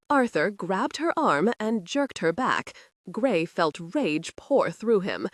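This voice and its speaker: A woman's voice: slow, no echo. Woman reading a romance audiobook, voice goes up and down a lot, very dry sound. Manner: expressive storytelling with lively pitch. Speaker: audiobook narrator. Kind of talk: scripted audiobook narration.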